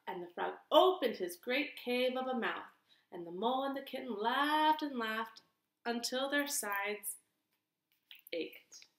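A woman teacher reading a picture book aloud to children in an expressive, sing-song way. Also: on the high side, a little slow. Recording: echoey room.

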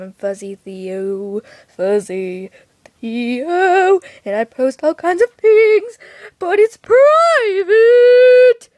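A woman's voice: high-pitched, a little mellow, no echo. A woman rambling in a hyper, giggly, scattered way in a casual vlog, lying down indoors. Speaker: vlogger. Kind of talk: rambling self-promo vlog.

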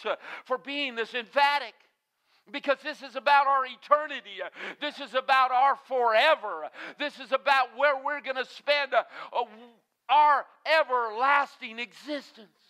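A man's voice: very high-pitched, steady tone, normal speed, sharp tone, clean tone. A man preaching a sermon, emphatic and earnest, with frequent "uh" fillers between phrases.

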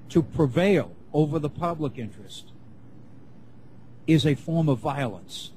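Man lecturing in a measured, restating way. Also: on the high side, dark tone, a little hiss or hum, low-quality recording. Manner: measured, restates and rephrases points as he goes. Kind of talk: classroom lecture.

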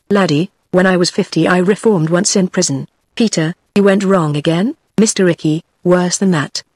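A text-to-speech woman's voice with a British English accent, reading a play script aloud in an even, synthetic manner. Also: lowish voice, breathy edge, no echo, studio quality. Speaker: audiobook reader.

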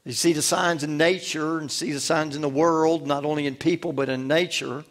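A man's voice: on the high side, steady tone, moderate pace. A male pastor preaching a sermon, emphatic and repetitive, with rhetorical questions and calls to the congregation.

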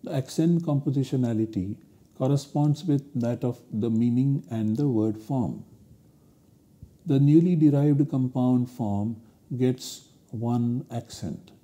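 A man giving a recorded university lecture, explaining grammar rules slowly and deliberately. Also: mid-range voice, mellow.

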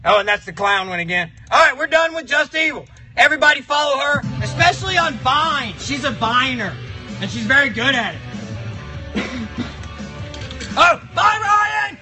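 A man voicing a crude, foul-mouthed, grumpy male box monster who hosts a live stream with shouty, mock-outraged rants. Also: very high-pitched, animated, moderate pace, heavily acted, low-quality recording. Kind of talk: live stream chat in character. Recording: music playing behind the voice.

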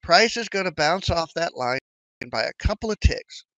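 A trading educator talks through trading in a relaxed, chatty way, getting animated as he voices his own anxious and hopeful thoughts. His voice is a little high and moves at a normal pace. The recording is dry with no room sound, and the quality is rough.

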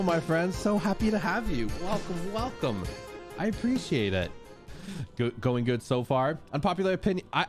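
A man hosting a live gameplay stream, chatting upbeat with his viewers and greeting them casually. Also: mid-range voice.

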